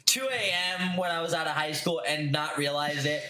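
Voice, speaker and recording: A man's voice: on the high side, moderate pace, pushed and bright, reverberant. A man co-hosting a casual podcast, telling rambling anecdotes with plenty of swearing. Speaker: podcast co-host. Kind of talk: casual chat.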